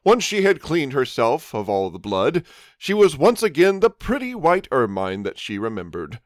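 A man's voice: medium pitch, wildly swooping pitch, normal speed, dry recording, studio quality. A man narrating a comic adult storybook in a mock-innocent fairy-tale manner.

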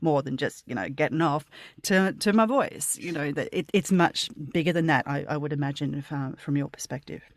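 A woman's voice: sits low, a little fast, no echo, studio quality. A woman interviewing a guest in a casual conversation, effusive and rambling, with many fillers and restarts.

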